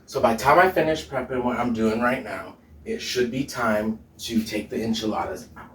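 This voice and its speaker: A man's voice: mid-range voice, moderate pace, distant mic. A man, a drag queen hosting a home cooking show, chatting casually and sassily with frequent laughs while cooking. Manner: chatty, sassy, laughs often. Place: home kitchen. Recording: echoey room, off-mic.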